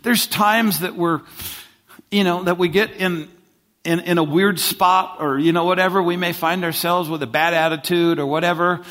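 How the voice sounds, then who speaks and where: Man, preacher, conversational sermon, fairly high pitch. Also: fairly even intonation, moderate pace, fairly bright tone. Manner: conversational, asks the congregation questions, many restarts.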